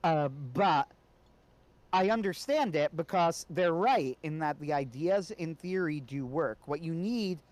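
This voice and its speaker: A man's voice: on the high side, animated, measured pace, a little mellow, no echo. A man co-hosting a casual podcast discussion, talking conversationally and often checking in with "right?". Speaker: co-host.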